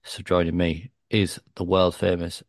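Deep gravelly man bantering. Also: little pitch movement, measured pace, no room sound, studio quality. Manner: jokey, banters about wrestling. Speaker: podcast host. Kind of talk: casual chat.

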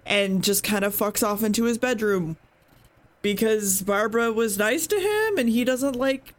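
A woman with a fairly high voice chats casually on a podcast, retelling what happened in an episode. She rambles, swears freely and keeps correcting herself mid-sentence. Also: animated, normal speed. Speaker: podcast co-host recapping an episode.

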